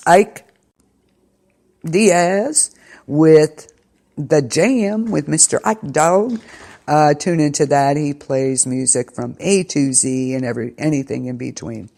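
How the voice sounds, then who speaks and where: A woman's voice: extremely low pitch, mellow. A woman hosting an internet radio show, rambling through a casual rundown of upcoming shows with lots of ums and restarts. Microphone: studio mic, pre-recorded.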